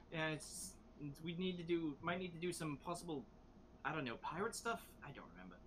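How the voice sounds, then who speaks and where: A young man taking part in a casual tabletop session, stopping and restarting as he speaks. His voice is bright and forceful, with faint noise in the background. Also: fairly high pitch, animated. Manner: hesitant, halting. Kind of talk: casual tabletop game chat.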